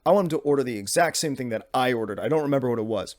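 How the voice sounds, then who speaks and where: A man's voice: medium pitch, animated, racing, darkish tone, no echo, clean studio sound. Rambling, exasperated young man. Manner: rambling and exasperated, with many restarts and profanity. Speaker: podcast host. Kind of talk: casual comedic monologue.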